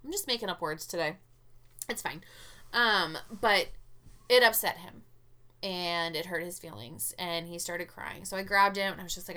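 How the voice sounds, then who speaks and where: Bright-voiced woman, candid and sweary. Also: medium pitch, normal speed. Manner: candid, swears freely, animated storytelling. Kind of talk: casual chat.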